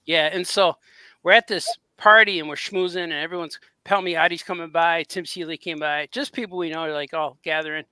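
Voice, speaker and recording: Bright-voiced middle-aged man. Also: fairly high pitch, fairly even intonation, a little fast, clear, resonant tone, no echo. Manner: rambling storyteller, laughs often. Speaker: podcast co-host. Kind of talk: casual chat, anecdotes.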